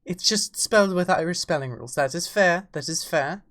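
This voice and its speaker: A woman's voice: fairly low pitch, normal speed, fairly bright tone. Chatty English woman streamer. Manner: playful, chatty, calls viewers darling. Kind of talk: casual livestream chat.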